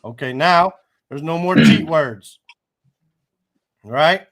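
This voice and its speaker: Male tutor, higher voice, unhurried, patient and encouraging. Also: sing-song, a crowd in the background. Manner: patient, encouraging, slow and careful. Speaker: Arabic teacher. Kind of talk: one-on-one tutoring lesson.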